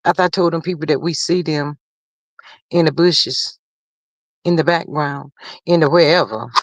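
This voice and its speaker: A woman's voice: deep voice, moderate pace, dry recording. A woman hosting a casual live stream, talking straight to her viewers and reading out the chat in a folksy, chatty way.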